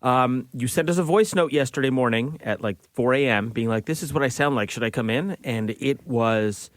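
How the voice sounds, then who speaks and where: A man co-hosting a podcast in a relaxed, jokey way, ribbing his partner as they chat. The room is dry and close-miked, with nothing behind his voice. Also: mid-range voice, moderate pace, dry recording. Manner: teasing, jokey. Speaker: podcast co-host. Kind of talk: casual chat.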